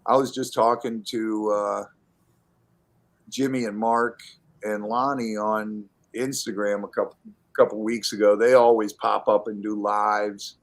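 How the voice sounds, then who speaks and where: A man in casual chat telling long animated stories, acting out the voices of the people in them and laughing often. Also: fairly low pitch, unhurried. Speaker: podcast guest telling stories.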